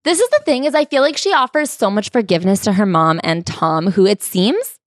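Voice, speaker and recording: A woman of middle pitch reads passages from a memoir and drops wry, sarcastic remarks between them. Her voice is close and dry, with no room echo. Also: animated, brisk. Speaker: podcast co-host. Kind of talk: comedic book recap chat.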